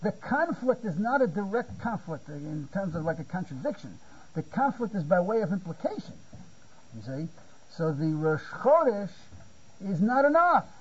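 A Talmud teacher with a high, slightly rough voice gives a very animated Torah lecture at normal speed. He often repeats words while searching for phrasing and checks in with "you see?". The highs in the audio are cut off.

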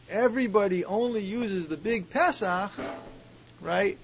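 A man's voice: high-pitched, moderate pace, vocal fry, breathy edge. A man teaching a Talmud class, reasoning aloud and posing questions, in a muffled lo-fi recording with faint hiss. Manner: questioning, reasoning aloud with Hebrew and Aramaic terms.

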